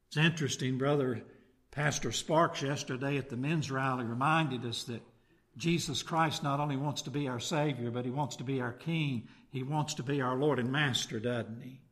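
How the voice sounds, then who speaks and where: A man preaching a sermon, reading a scripture passage aloud and then preaching on it with rhetorical tag questions. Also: medium pitch. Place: church.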